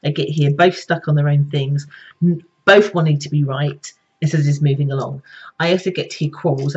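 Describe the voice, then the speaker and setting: Husky woman reading horoscopes. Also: deep voice, normal speed, darkish tone, muffled recording. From Britain. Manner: chatty, conversational, addresses viewers directly. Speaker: psychic reader. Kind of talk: casual direct-to-camera horoscope reading.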